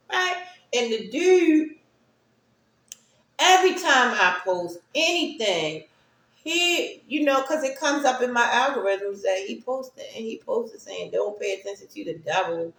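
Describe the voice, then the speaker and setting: A woman's voice: fairly high pitch, reverberant. A woman hosting a livestream, talking casually and reflectively to her viewers and laughing often. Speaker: livestream host.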